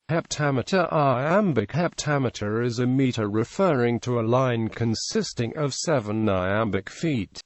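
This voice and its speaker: A man's voice: medium pitch, lively intonation, measured pace, few pauses, dry recording. Text-to-speech man reading an encyclopedia entry; spells out symbols letter by letter; dry booth sound. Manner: reads symbols and abbreviations out letter by letter. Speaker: encyclopedia article reader. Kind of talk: automated reading of an encyclopedia article.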